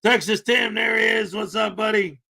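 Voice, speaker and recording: High-voiced playful man hosting a livestream. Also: moderate pace, vocal fry. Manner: jokey, playful, shouts out viewers by name. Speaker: livestream host. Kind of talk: casual live-chat greetings.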